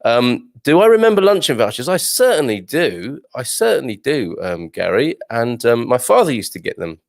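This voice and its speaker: A man's voice: medium pitch, vocal fry. A man from Birmingham, England, hosting a casual news chat for expats and reading out viewer comments with wry, exclamatory asides. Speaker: host of an expat news show.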